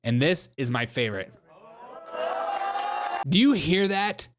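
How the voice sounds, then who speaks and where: With a fairly high, sing-song voice and a slow pace, a show host ridicules political clips through sarcastic, laughing commentary. He hops between voices, and the background is noisy.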